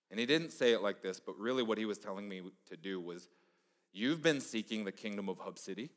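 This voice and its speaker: A man's voice: fairly low pitch, animated, a little fast. Male pastor, middle-aged, storytelling sermon style, long hall reverb. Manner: conversational, storytelling, drops to a hush for emphasis. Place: church sanctuary. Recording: echoey church hall.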